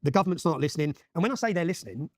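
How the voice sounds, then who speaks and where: A man in his forties with an English accent. As an interview guest he tells his story urgently and emphatically, often checking in with a quick "yeah?". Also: a little high, animated, no echo, studio quality. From England. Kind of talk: impassioned storytelling in a podcast interview.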